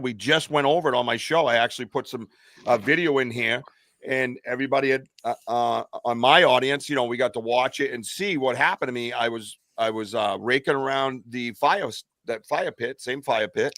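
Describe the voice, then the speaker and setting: A man's voice: mid-range voice, brisk, fairly bright tone, no room sound, studio quality. A man co-hosting a podcast, telling a long personal story in a rambling way, full of fillers and restarts. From United States. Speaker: podcast co-host. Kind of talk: casual storytelling.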